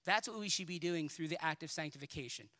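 A man's voice: on the high side, fast, bright, forceful tone. A male pastor preaching a sermon in a passionate, pleading, emphatic way, with colloquial asides and repeated words.

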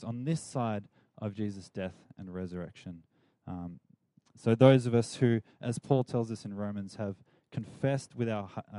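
Mellow-voiced man giving a youth talk. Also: on the low side, no room sound. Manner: chatty, playful, leads the audience in call-and-response. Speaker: youth group speaker.

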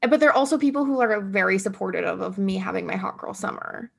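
Chatty young woman with a creaky voice. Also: mid-range voice, animated, fast. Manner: chatty, self-deprecating, laughs often, lots of fillers. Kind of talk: casual chat.

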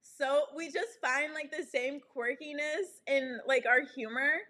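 A woman's voice: high voice, unhurried. A young woman chatting casually and telling stories with lots of laughter and "like" fillers. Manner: animated storytelling, frequent laughter and "like" fillers. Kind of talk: casual chat.

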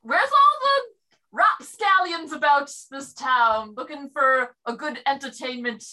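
A woman's voice: high voice, animated, measured pace, pushed and bright, exaggerated voice. A woman voicing a cocky female cat-folk fighter who brags and picks fights. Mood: brash. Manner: boastful, brash.

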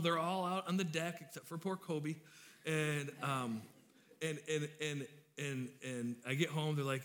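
A man's voice: a little high, fairly even intonation, unhurried, fairly bright tone. Joking, chatty pastor, a man. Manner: joking storyteller, chatty and informal. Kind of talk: sermon.

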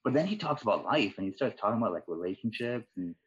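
A man's voice: on the low side, lively intonation, fast, slightly rough, muffled recording. A man talking in a casual podcast chat, rambling with many fillers and restarts. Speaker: departing guest.

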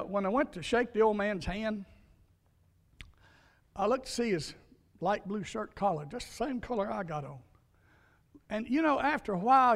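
A man's voice: high-pitched, big-room sound. A man preaching a sermon, telling folksy stories and repeating key lines for emphasis. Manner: folksy storytelling, emphatic repetition. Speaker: pastor.

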